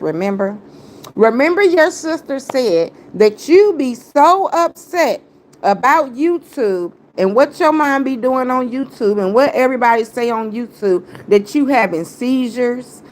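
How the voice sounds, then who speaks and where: A woman's voice: mid-range voice, darkish tone, slight background noise. A woman hosting her own livestream, greeting viewers by name and then ranting in a heated, confrontational, slang-heavy way. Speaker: livestream host. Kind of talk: casual livestream rant.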